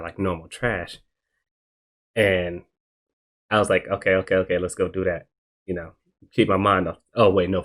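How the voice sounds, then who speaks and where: A young man hosting a podcast, telling a rambling story in casual slang and acting out what people said. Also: deep voice. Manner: rambling, animated, slangy, acts out quotes. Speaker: podcast host.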